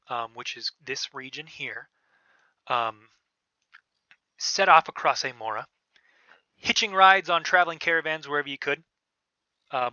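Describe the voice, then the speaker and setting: Game master, male, bright tense voice, dry dull lo-fi sound, halting casual narration. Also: fairly high pitch, no echo. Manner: casual, hesitant with many fillers. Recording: dull, lo-fi podcast audio.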